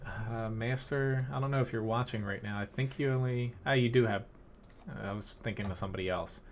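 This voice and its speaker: A man's voice: mid-range voice, fairly quick, a little hiss or hum. A man casually commentating his own live gameplay and chatting to viewers, thinking aloud with fillers and short chuckles. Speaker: game streamer.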